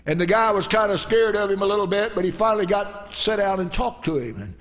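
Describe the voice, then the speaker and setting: A man's voice: high voice, animated, fairly quick, a bit bright. A male pastor preaching a sermon in a church, telling stories in a folksy way and dropping in frequent amens. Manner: folksy storytelling, peppered with "amen".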